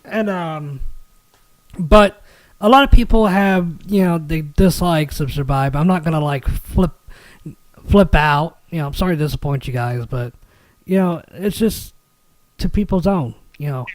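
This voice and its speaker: A man from Kentucky with a high voice hosts a loose gaming podcast, joking and swearing freely. His voice is bone-dry, recorded right up on the mic with no room sound. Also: unhurried, no room sound. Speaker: podcast host. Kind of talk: casual gaming chat.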